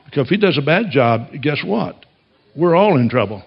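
A man's voice: fairly high pitch, big pitch swings, moderate pace, creaky, husky, lo-fi sound. A man preaching a sermon as a pastor, telling stories in a folksy way and chuckling often.

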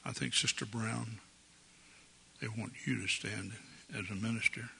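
A man's voice: lowish voice, steady tone, a little slow, creaky, pushed and bright, a little hiss or hum. An older man preaching a sermon as pastor in a church, folksy and jovial, chuckling often. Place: church sanctuary.

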